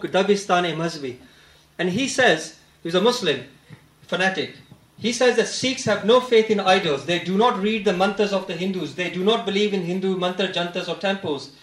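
A man giving a religious talk, earnest and deliberate, slowing to stress the verses he quotes. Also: sits high, a bit bright, echoey room, rough recording. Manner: earnest, deliberate, emphatic when quoting. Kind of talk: lecture quoting scripture.

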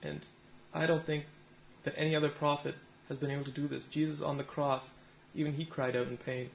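Gravelly, flat-voiced male preacher. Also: on the high side, brisk, hardly any pauses, lo-fi sound, slight background noise. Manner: retells a story, voicing the people in it plainly. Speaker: Sikh preacher. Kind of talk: sermon with storytelling.

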